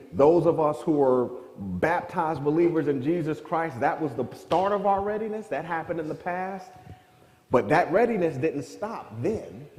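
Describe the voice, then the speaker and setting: Man, Bible class teacher, mellow dark voice, echoey church room with long reverb. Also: on the high side. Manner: questioning, draws on the class, restarts phrases.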